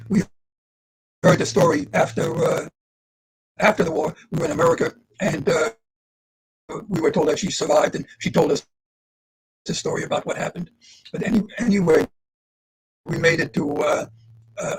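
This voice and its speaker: An older man in his eighties with a high, gravelly and very husky voice, speaking over a video call. He tells his story earnestly and turns to talk directly to the students listening. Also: low-quality recording. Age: 80s. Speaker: Holocaust survivor speaking to students. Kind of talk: livestreamed talk.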